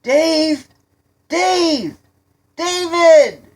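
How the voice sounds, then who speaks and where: Woman doing a loud high kid yelling for his friends, scared storybook boy. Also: very slow, heavily acted. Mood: panicky shouting. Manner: shouting high and strained. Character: panicky young boy thrill seeker, loud.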